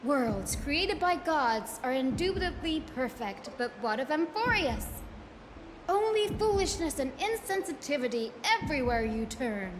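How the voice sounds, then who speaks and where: An actress voicing an earnest young woman in a fantasy game, recounting events in an animated storytelling way. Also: high voice, a little slow, a little hiss or hum. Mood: lively. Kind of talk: game character dialogue. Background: game music.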